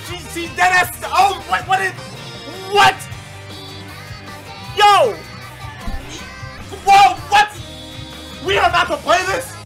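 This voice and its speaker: A young man streaming a video game, excitedly yelling, laughing and talking to his chat over game music. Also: extremely high pitch, slow pace, long pauses. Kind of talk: excitable let's-play commentary.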